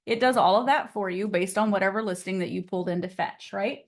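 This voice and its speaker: A chatty, upbeat woman leads a casual online class on real estate and laughs often as she walks through the steps. Her voice sits at a middle pitch and comes over a computer mic on a video call. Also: a little fast.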